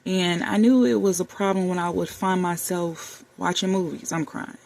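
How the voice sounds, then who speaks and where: A woman's voice: lowish voice, fairly even intonation, moderate pace, creaky, a little mellow, slight background noise. A woman in her thirties talking candidly to camera in a heartfelt, conversational way, calling her viewers y'all and baby. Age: 30s. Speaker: vlogger. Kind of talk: candid personal talk to camera. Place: warm room with the air conditioner running.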